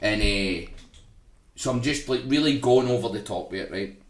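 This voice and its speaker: A man's voice: on the low side, normal speed, echoey room. A Scottish man on a podcast, telling a rowdy story in casual chat, swearing, laughing as he goes and ending his lines with "right?". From Scotland.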